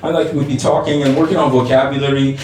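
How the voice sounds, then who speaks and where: A man's voice: medium pitch, level tone, fast talker, darkish tone, a little hiss or hum. A man from Iran doing a stand-up comedy set in a bar, animatedly telling stories and acting out the dialogue. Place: bar comedy stage, indoors. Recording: roomy bar echo from a distance.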